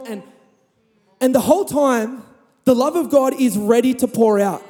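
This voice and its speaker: A man preaching a sermon, telling a funny personal story with lively sound effects. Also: very high voice, normal speed, long reverb tail.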